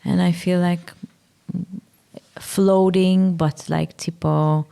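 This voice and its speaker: A young woman with a Maltese accent, a podcast guest speaking haltingly, searching for words and sometimes dropping to a whisper. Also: fairly low pitch, little pitch movement, gravelly, warm tone, smooth. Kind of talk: emotional personal conversation.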